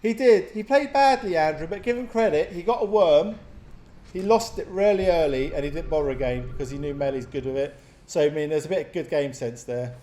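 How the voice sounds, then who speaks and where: A man giving chatty, excitable live commentary on a strategy game match, often laughing. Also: a little high, fairly quick. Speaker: game caster.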